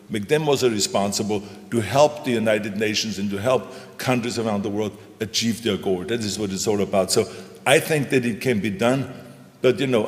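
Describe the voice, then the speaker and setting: An older man with a low voice delivers an onstage talk in an emphatic, folksy way, repeating punchy lines for effect. His voice rings out in a large hall with a long reverb tail. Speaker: guest speaker, former governor. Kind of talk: onstage conversation. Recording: echoey hall.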